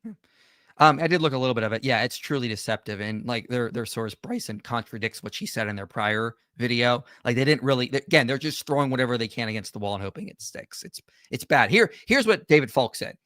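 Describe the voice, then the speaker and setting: Bright-voiced sarcastic man hosting commentary. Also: mid-range voice, no room sound, studio quality. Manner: sarcastic, quick and animated. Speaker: channel host. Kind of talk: casual commentary on a video.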